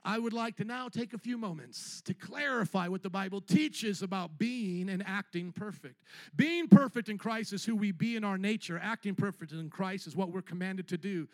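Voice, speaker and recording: A pastor delivers an animated sermon, his voice sitting unusually high for a man. He mimics members of his congregation and builds to ringing shouts. The sound is close and dry, with almost no room echo. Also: moderate pace. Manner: animated preaching, acting out church members in put-on voices, shouting at peaks. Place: church.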